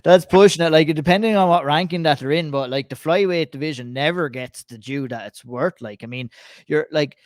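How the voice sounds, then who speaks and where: A man's voice: a little high, a little fast, no room sound, clean studio sound. A man hosting a sports podcast, casually steering the talk between topics. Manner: easygoing, steers the conversation. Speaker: podcast host.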